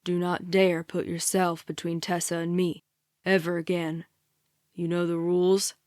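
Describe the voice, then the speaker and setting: A woman playing a stern young man who guards a cult, his voice pushed low and heavy. He sounds threatening and torn, in a storybook reading with a dry, close sound. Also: flat delivery, measured pace, a little mellow, no echo, lightly acted. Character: young man, cult protector, gruff and conflicted.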